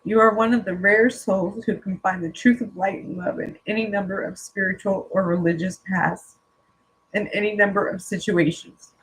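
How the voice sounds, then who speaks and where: A spiritual coach reading an inspirational text aloud in a slow, earnest way, teary-eyed and stopping now and then for casual joking asides. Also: mid-range voice, fairly even intonation, a bit bright, slight background noise, poor audio.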